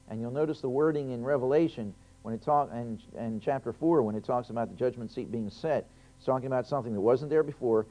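A man's voice: mid-range voice, a little mellow. A man preaching a sermon, reading scripture aloud and stressing key phrases, with frequent restarts. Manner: emphatic, rising on key phrases, with many restarts. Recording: lo-fi dull recording.

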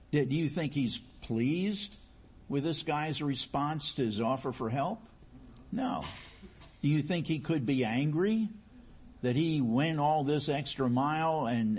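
A male preacher with a husky voice delivers a sermon through a long story. He restarts phrases often and asks the listeners question after question. The recording is slightly dull and muffled. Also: mid-range voice, darkish tone.

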